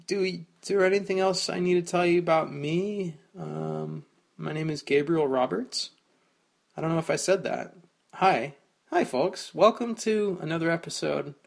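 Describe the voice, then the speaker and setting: A podcast host from New Jersey rambles casually through a solo intro, mocking himself and swearing loosely. His voice is on the high side, gravelly, and a little slow.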